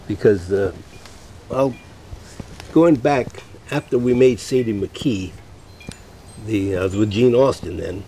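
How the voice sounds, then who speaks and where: A man's voice: lowish voice, slight background noise. An older man, a veteran entertainer, telling anecdotes in a radio interview and acting out the voices of the people he quotes. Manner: lively anecdotal storyteller, acts out quoted voices. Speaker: guest, veteran voice actor and musician.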